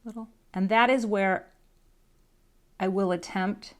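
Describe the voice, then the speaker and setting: A woman's voice: mid-range voice, steady tone, takes it slowly, pauses often. A woman teaching card coloring in a casual, chatty talk-through, self-deprecating and muttering to herself as she works. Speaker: craft teacher.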